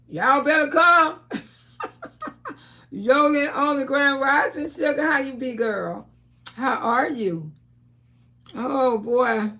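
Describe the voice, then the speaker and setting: A woman hosting a live stream, talking casually and trash-talking loudly, with frequent laughter. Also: high-pitched, creaky.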